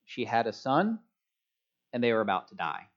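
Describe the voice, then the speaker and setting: A man's voice: medium pitch, moderate pace. Casual, chatty man preaching, lo-fi. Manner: relaxed, chatty, self-joking. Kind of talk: casual sermon. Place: church hall with a congregation. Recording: dull lo-fi sound.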